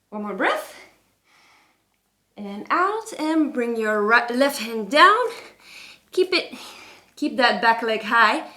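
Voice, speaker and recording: A woman's voice: fairly high pitch, a bit bright, roomy sound. A woman yoga instructor, out of breath as she cues a flow while doing it, encouraging throughout. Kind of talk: guided yoga class instruction.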